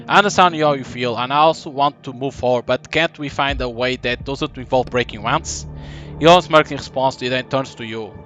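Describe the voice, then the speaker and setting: A man giving live gameplay commentary, reading the story text and choices aloud in an even tone. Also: mid-range voice, a little fast, faint music behind. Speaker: gaming commentator.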